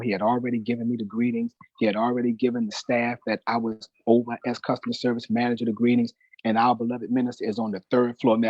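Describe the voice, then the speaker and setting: A man's voice: medium pitch, darkish tone, breathy edge, no echo, muffled recording. A middle-aged man telling a personal testimony in an emphatic, preacher-like way, often calling the host brother. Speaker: guest, newspaper manager.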